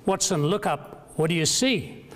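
A man telling a joke, voicing a brisk detective who snaps short questions. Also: fairly high pitch, animated, a bit bright. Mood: exasperated. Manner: curt, questioning. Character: brisk, exasperated male detective. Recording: long reverb of a large hall.

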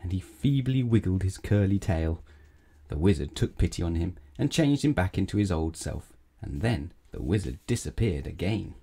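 A man narrating a children's bedtime storybook, gentle and measured. His voice is low and mellow, unhurried as he reads. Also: lively intonation, vocal fry, slightly rough.

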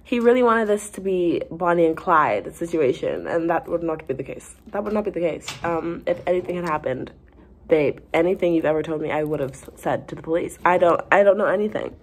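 Husky-voiced young woman telling a story. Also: fairly low pitch, a little fast. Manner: chatty, animated, many fillers, laughs through the story. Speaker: vlogger. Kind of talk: casual storytime chat.

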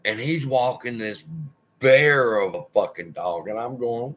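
A man's voice: medium pitch, animated, a little slow, a bit bright. A man hosting his own channel, telling a personal story in a rambling, profane, wry way. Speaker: channel host.

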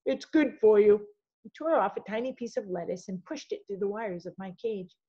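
A woman reading a children's novel aloud in an expressive storytelling manner. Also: mid-range voice, fairly quick, slightly rough, lo-fi sound. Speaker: audiobook reader.

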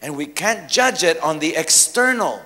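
A male pastor preaching a sermon, telling stories with lively humor. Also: fairly high pitch, normal speed. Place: church sanctuary. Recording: long church hall reverb.

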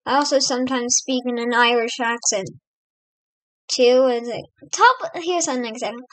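A woman's voice: fairly high pitch, normal speed, fairly bright tone, no room sound, poor audio. An American woman hosting a let's play, giving casual, rambling gameplay commentary and chatting to her in-game pets. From United States.

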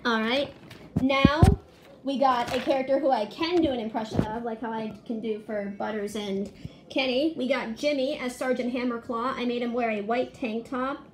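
Woman vlogger, excited and chatty, slightly high voice, casual walk-through of her artwork. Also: normal speed, slight background noise. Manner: chatty and excited, listing details. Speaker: fan artist presenting her drawings. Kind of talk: casual video narration.

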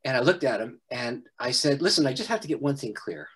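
A middle-aged man, a pastor, telling a personal story in an interview, animated and often laughing. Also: medium pitch, brisk, breathy edge. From Canada.

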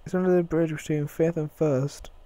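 Scared male hostage in a game, voiced by a man, high and loud, panicky pleading. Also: fairly even intonation, normal speed, lightly acted. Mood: panicked. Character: frightened male captive begging for his life.

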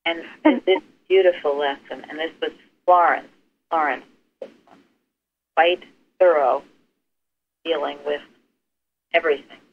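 A man's voice: fairly high pitch, measured pace, gravelly, long pauses. Man leading a Bible study over the phone. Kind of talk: informal group Bible study discussion. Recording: tinny phone line with faint hiss.

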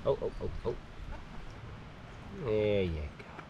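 A man's voice: mid-range voice, animated, normal speed, background noise. Playful man cooing at a goat. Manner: playful, coos at a baby goat. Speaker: vlog host. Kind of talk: casual camping vlog chat. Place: tent at an island campsite.

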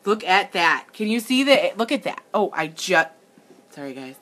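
Chatty woman doing a live makeup demo, bright voice, keeps cracking up. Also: fairly low pitch, big pitch swings, moderate pace. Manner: giggly, talks straight to viewers, easily amused. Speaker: makeup demonstrator and livestream host.

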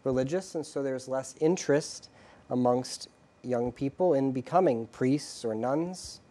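Priest interviewee, male, mid pitch, dark mellow voice, steady explainer. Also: measured pace. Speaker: Catholic priest guest. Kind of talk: interview answers.

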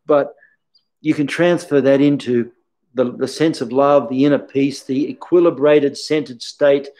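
A man's voice: medium pitch, a little mellow, rough recording. A man, a karate instructor talking casually in an interview, telling stories in an earnest, reflective way.

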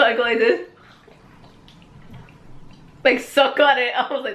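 A woman's voice: on the high side, moderate pace, pauses often, fairly bright tone. A young woman chatting casually in a family vlog at home, giggly and teasing. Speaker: vlogger. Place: home, indoors. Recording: echoey room, faint noise.

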